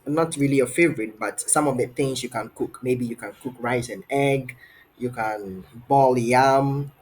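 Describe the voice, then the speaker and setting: A man's voice: mid-range voice, a little slow, breathy edge. A man teaching an online English trial lesson over a video call, encouraging and asking many questions, often repeating his phrases. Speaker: English tutor.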